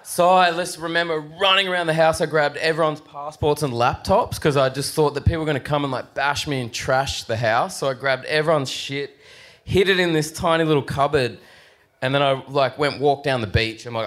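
A man recounts a story in loose, profane chat. His voice sits at an ordinary middle pitch and leaps up whenever he quotes someone. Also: a little fast. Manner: profane, animated, acts out quotes in raised voice. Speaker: guest surfer. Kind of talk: casual storytelling.

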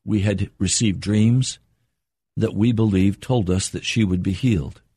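An older man preaching a sermon in an earnest, measured way, slowing down for emphasis. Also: fairly low pitch, steady tone, dark tone, breathy edge.

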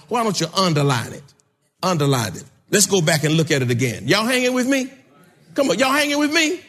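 A man preaching a sermon, calling out to his congregation and rising to shouts. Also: high-pitched, breathy edge. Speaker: pastor. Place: church sanctuary. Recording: long hall reverb.

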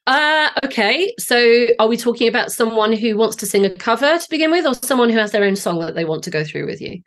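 A woman's voice: a little high, expressive, brisk. A woman in her late forties with a Southeast English accent, a singing teacher guest explaining her ideas with enthusiasm and frequent restarts. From Southeast England. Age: 40s. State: voice a bit off today. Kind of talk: podcast interview.

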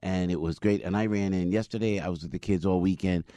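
A man's voice: low-pitched, fast talker, no echo. A middle-aged man hosting a radio talk show, chatting casually and telling rambling stories into a studio microphone. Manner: animated, rambling storyteller.

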